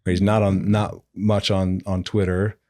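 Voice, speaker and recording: A man in his forties, a football coach guest on a podcast, telling an animated story, acting out the dialogue and laughing as he goes. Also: low-pitched, a little slow, dry recording, clean studio sound. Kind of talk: conversational storytelling.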